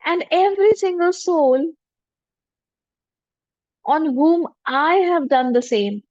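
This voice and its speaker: Lady leading a meditation, soft humble repeating lines, highish voice, kinda lo-fi dry sound. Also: slow pace, dry recording. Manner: gentle, humble, repetitive affirmations. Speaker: spiritual teacher. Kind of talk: guided forgiveness meditation. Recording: dull lo-fi dry recording.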